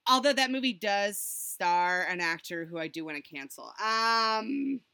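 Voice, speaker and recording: A woman co-hosting a casual podcast, telling stories in an animated way and breaking into excited laughter. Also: medium pitch, unhurried, creaky. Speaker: podcast co-host.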